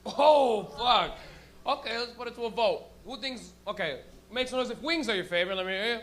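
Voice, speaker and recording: Giggly high-voiced stoned comedy host. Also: male voice, a little fast, a bit bright. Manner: rambling, giggly, stoned banter. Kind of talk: stand-up crowd work. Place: small comedy stage with live audience.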